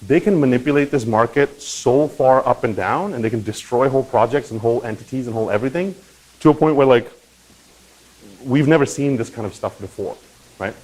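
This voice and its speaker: A man hosting a crypto channel, talking in a casual, animated explainer style and often checking in with "right?" and "okay?". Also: medium pitch, fairly quick, low-quality recording. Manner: animated, swings into loud mock voices and profanity; conversational with frequent "right?" and "okay?".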